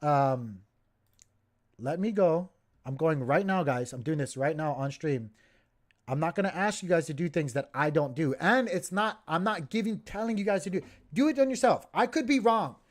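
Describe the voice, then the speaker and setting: A man's voice: on the high side, expressive, moderate pace. Fired-up man ranting on a livestream. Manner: fired-up, emphatic, repeats himself. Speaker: crypto livestream host. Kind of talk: heated livestream commentary.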